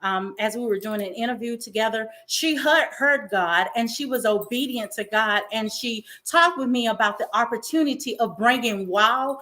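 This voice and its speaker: Emotional woman host, bright tense voice, gushing and encouraging. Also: on the high side, normal speed, hardly any pauses. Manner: emotional, effusive, faith-filled. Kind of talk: inspirational talk-show monologue.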